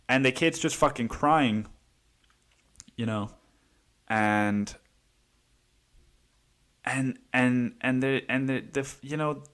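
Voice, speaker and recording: Man, podcast host, casual rant, profane, keeps saying dude, mid-pitched voice. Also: a bit bright. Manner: profane, heated, says "dude" often. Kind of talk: casual storytelling monologue.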